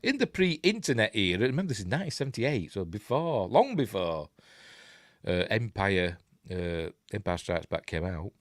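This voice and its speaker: An older Yorkshire man hosts a casual news livestream in a low voice that rises and falls a lot. He rambles off into side remarks and corrects himself as he goes. The sound is close and dry. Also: expressive, moderate pace, no room sound. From Yorkshire, England. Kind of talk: casual live-stream commentary.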